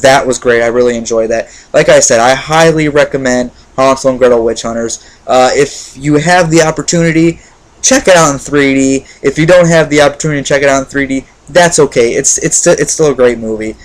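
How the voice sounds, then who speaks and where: A man talking through a film review in a loose, unscripted way. His pitch sits in an ordinary middle range, and he stumbles, repeats himself and fills pauses with ums and uhs as he goes. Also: rough recording. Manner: rambling, many fillers and restarts; enthusiastic. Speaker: movie reviewer. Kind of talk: casual spoken movie review.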